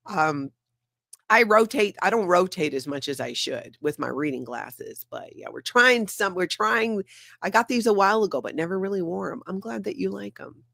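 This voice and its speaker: A woman's voice: medium pitch, expressive, moderate pace, vocal fry, a bit bright, no echo. Woman livestream host, chatty and loose, comments read aloud; dry, close sound. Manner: chatty, reads out viewer comments. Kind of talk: casual livestream chat.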